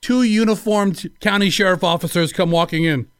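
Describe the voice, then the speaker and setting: A man's voice: high voice, a little fast, clear, resonant tone, no echo. A man co-hosting a morning radio show, telling a story and acting out the people in it. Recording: dry studio sound.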